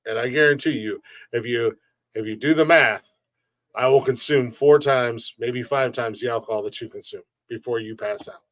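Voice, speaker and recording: A podcast host reads chat during a casual livestream, his medium-pitched, fairly bright voice moving at a normal speed in a dry recording. He rants bluntly and jokingly, swearing plenty and laughing often between remarks.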